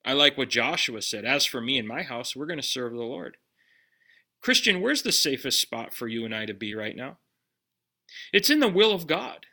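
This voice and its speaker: A man preaching a sermon in a conversational way, putting direct questions to his listeners and dropping his voice low on key lines. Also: sharp tone. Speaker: pastor.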